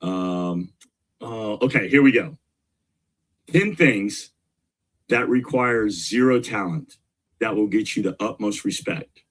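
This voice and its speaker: Middle-aged male guest, husky, pushes his points with energy and repetition. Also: fairly low pitch, takes it slowly, pauses often. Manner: energetic, emphatic, repeats key points. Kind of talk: casual interview talk.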